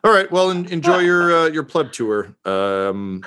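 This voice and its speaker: A man voicing a gruff, brash female war hero in a tabletop game. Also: a little high, sing-song, measured pace, bright, forceful tone, voice pushed up, heavily acted. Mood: mocking.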